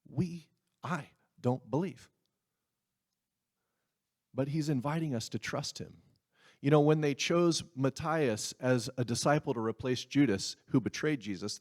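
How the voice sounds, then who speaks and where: A man's voice: mid-range voice, darkish tone. A man preaching a sermon in a conversational way, with asides and laughs. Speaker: pastor.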